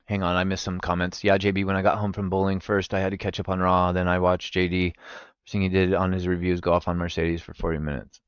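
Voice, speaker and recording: A man's voice: deep voice, fast talker, clean tone, no room sound, muffled recording. A young man streaming live, chatting casually with his viewers and swearing freely. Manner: animated, swearing, talks to chat. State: recovering from gallstones.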